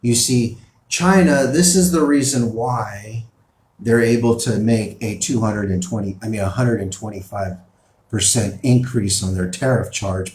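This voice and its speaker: A man's voice: mid-range voice, a little mellow, echoey room. A man giving opinion commentary, reading out news articles and pressing his points emphatically. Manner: emphatic, rising and falling in bursts.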